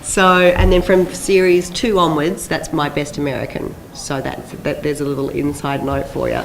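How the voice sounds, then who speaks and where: An Australian woman speaks at a convention panel with a low, dusky pitch. She tells her stories with animation, laughing and acting out the voices of others. A faint hiss sits under the recording. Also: normal speed, vocal fry, poor audio. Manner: animated, laughing storyteller who acts out quoted voices. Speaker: panel guest.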